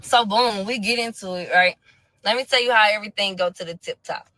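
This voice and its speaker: A woman telling a personal story to viewers in a blunt, profane storytime rant, swinging from low mutters to loud crying shouts. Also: a little fast, no room sound, rough recording. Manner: profane, blunt street slang.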